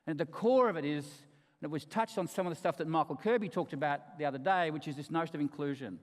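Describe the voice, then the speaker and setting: Talking fast in a fairly high voice, a man delivers a keynote at a conference, mixing emphatic, humorous storytelling with quiet asides. His words are followed by the long reverb of a big hall.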